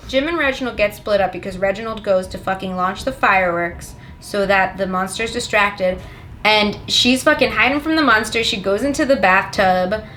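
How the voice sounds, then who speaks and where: A woman's voice: fairly high pitch, bright, forceful tone, slight background noise. A young woman giving a rambling, sarcastic and profane comedic plot summary of a film. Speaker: comedic movie recapper.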